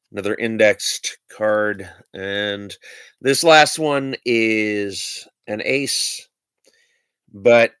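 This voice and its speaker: A man's voice: fairly low pitch, fairly bright tone, clear, resonant tone, no room sound. Rambling man showing magic cards. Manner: rambling, hesitant, many fillers. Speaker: streamer. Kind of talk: casual show-and-tell of magic cards.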